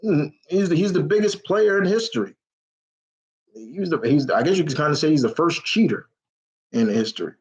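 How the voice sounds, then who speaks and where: A man's voice: on the high side, expressive, brisk, darkish tone, low-quality recording. A young man hosting a casual live question-and-answer stream, rambling and blunt, swearing freely. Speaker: host answering viewer questions.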